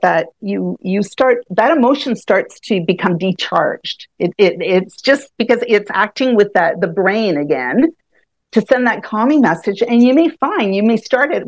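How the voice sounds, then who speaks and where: A woman's voice: medium pitch, lively intonation, moderate pace, dry recording. Woman chatting about tapping, laughs a lot, restarts her sentences, dry close sound. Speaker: EFT tapping practitioner, guest. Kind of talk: conversational explaining.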